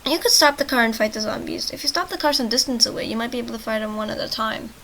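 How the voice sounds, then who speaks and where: A woman reads a text-based zombie game aloud for her channel, breaking off into chatty, self-mocking asides. Her voice sits a little high and rings bright and forceful, and she keeps stumbling over words and shrugging it off. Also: fast talker, a little hiss or hum, poor audio. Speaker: let's-play host reading a text game aloud. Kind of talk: reading an interactive story aloud with chatty asides.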